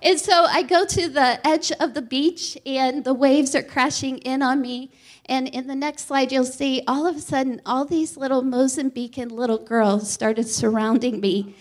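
A woman sharing an earnest, animated testimony at a church talk. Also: sits high, normal speed.

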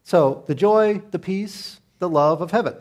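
A man's voice: sits high, a little slow, darkish tone, lo-fi sound. A man co-presenting a church talk, chatty and explaining terms with light humor.

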